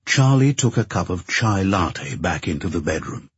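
Male audiobook narrator: low, very husky, measured; dry, muffled recording. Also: dry recording. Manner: measured, even storytelling. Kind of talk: scripted narration.

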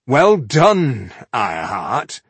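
Guy doing an annoyed one-eyed dwarf, huffy and impatient, husky, dry audiobook sound. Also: mid-range voice, animated, a little slow, dry recording, pitched above the performer's own voice. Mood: indignant. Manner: impatient, grumbling, snappish. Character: cross, bad-tempered one-eyed male dwarf warrior.

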